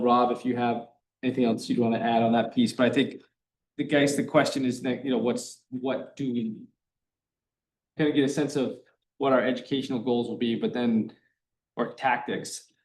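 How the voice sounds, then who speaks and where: A man's voice: mid-range voice, a little mellow, reverberant. A man speaking at a town committee meeting, thinking aloud with many fillers and restarts. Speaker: committee member.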